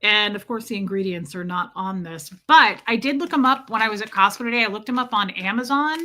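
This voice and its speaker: A young Midwestern woman hosts a casual livestream, rambling and answering viewer comments in a Midwestern American accent. She speaks briskly in a mid-range voice that sounds pushed and bright.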